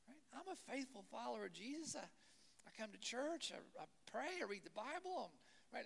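A man preaching a sermon in a church, chatty and animated, full of rhetorical questions and asides. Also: sits high, fairly quick, vocal fry. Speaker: pastor. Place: church hall. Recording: long hall reverb.

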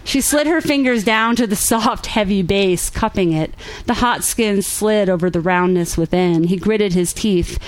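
A woman reading her own romance fiction aloud at a live reading, measured and steady. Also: medium pitch, no room sound, rough recording. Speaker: author reading her work.

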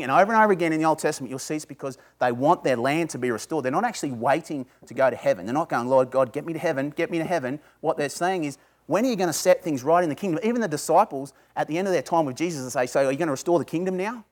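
A pastor preaches a sermon to a small group in a conversational way, putting questions to his listeners and building to emphatic bursts. His voice is fairly high, and he races along with hardly any pauses.

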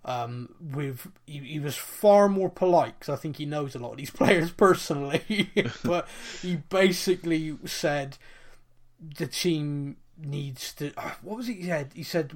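A man from England hosting a football podcast in casual chat. His voice sits on the higher side for a man, and he talks with animated, quick asides.

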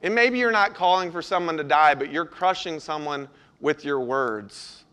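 A man's voice: fairly high pitch, lively intonation, normal speed, sharp tone, clear, resonant tone. A man preaching a sermon as pastor, earnest and conversational, asking his listeners questions.

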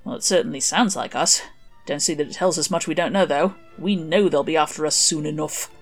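A woman's voice: deep voice, a little fast, faint music behind. A woman voicing a sly, sardonic male demon with a dry, drawling way of talking. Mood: wry.

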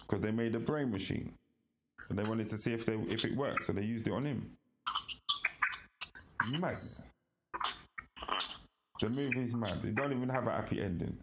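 A man, co-hosting a podcast in casual chat and telling animated stories with frequent laughter. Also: mid-range voice, noisy background. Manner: animated storytelling, laughs often. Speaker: podcast co-host.

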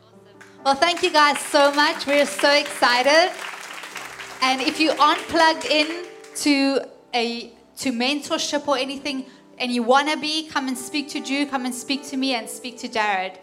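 A woman's voice: sits high, unhurried, a bit bright, soft background music, a faint crowd. A woman making upbeat, inviting announcements from a church stage.

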